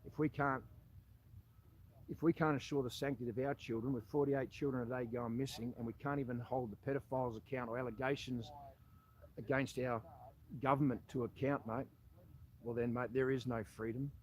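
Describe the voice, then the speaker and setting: A man's voice: medium pitch, steady tone, brisk, slight background noise, rough recording. A man with an Australian accent, a former army soldier, making a direct-to-camera appeal that confronts the listener and keeps calling him "mate".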